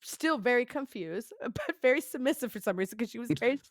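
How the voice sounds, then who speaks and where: A woman telling a story as a podcast guest, rambling and profane, peppering her talk with laughs and quick "right?" asides. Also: fairly high pitch, animated, no room sound, studio quality. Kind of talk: casual storytelling.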